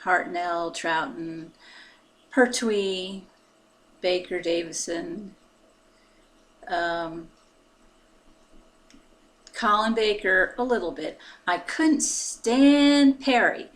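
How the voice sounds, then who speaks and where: A woman in her fifties with an American accent, talking in a soft-spoken, halting way in a casual personal vlog, pausing often. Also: lowish voice. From United States. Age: 50s. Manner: soft-spoken and halting, with many pauses and fillers. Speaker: vlogger.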